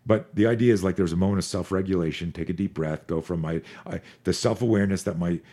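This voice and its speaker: A man in his forties, a fear management expert on a podcast, talking in an energetic, profane, storytelling way. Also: low-pitched, quick pace. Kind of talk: podcast conversation.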